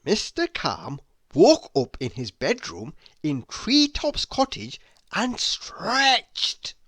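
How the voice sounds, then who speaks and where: A man reading a children's picture book aloud in a slow, expressive storytelling voice. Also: high voice, no room sound, studio quality. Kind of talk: children's read-aloud narration.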